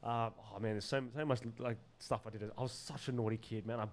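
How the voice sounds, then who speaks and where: A man telling stories as a podcast guest, animated and loose with slang and swearing, laughing often. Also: mid-range voice, fast talker. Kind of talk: casual storytelling in an interview.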